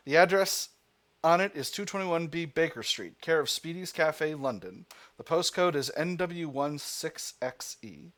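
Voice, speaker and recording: Casual game commentator, male, lively pitch, thinks aloud with filler words. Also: fairly quick. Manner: thinks aloud, reads game text aloud with hesitations. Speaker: gaming channel host.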